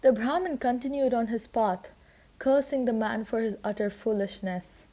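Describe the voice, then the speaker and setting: A woman reading a children's story aloud and patiently explaining it, pausing to clarify words, with a few fillers. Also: on the high side, warm tone. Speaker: storyteller and teacher.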